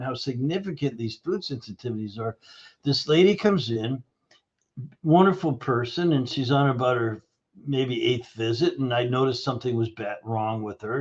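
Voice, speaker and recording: Male podcast guest, storyteller, mid pitch, slightly dull recording. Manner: animated storyteller acting out dialogue. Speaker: guest, nutrition practitioner. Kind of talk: storytelling interview answer.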